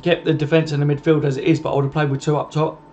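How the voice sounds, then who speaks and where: A man's voice: a little high, little pitch movement, racing, mellow. A man hosting a casual football livestream, chatting and answering viewer comments in a matey, informal way. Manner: chatty, matey, calls everyone mate.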